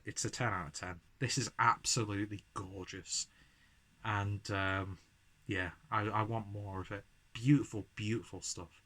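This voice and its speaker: A man's voice: lowish voice, sharp tone. A man reviewing a beer at home in a casual vlog, rambling and self-deprecating, slightly buzzed from drinking. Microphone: camera mic, framed from chest up.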